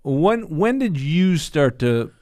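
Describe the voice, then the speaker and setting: A man's voice: on the high side, big pitch swings, slow pace, a little mellow, no room sound. A middle-aged man hosting a casual interview, rambling a bit as he frames his questions. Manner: rambling, restarts while framing questions. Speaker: podcast host.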